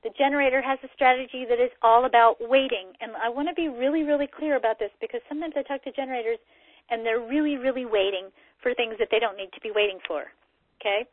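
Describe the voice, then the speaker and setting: A middle-aged woman giving a casual talk that explains a personality system, acting out quoted dialogue in lively voices. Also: fairly high pitch, quick pace, no room sound. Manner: animated, acts out quoted dialogue. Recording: tinny phone-like recording, dry.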